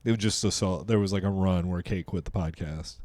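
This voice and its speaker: Low-voiced joking man. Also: a little fast, a little mellow, no room sound. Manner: joking, rambling storyteller. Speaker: podcast co-host. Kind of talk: casual chat.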